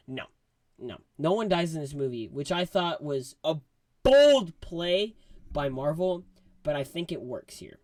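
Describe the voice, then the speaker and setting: A man giving a casual movie review, rambling and excitable, full of fillers. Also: on the high side, a little slow, no room sound.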